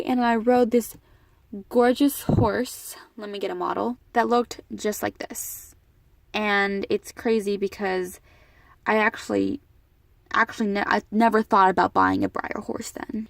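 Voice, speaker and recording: A woman's voice: mid-range voice, steady tone, unhurried, creaky, no echo. A teenage girl telling a personal story to her camera in a casual vlog, emotional and rambling with frequent restarts. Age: teens. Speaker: vlogger.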